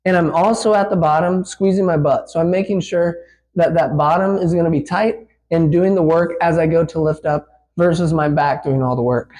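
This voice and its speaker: High-voiced man, breathless gym demo. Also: steady tone, normal speed, darkish tone, poor audio. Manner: casual, explains while lifting, many fillers. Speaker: physical therapist. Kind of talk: instructional demonstration.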